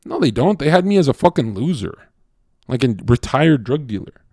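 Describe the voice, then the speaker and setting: A male livestreamer delivers a casual, blunt, crude, and profane monologue, rambling with lots of fillers and swinging between loud bursts and low mutters. His pitch swings widely at normal speed, in a dry, studio-quality recording.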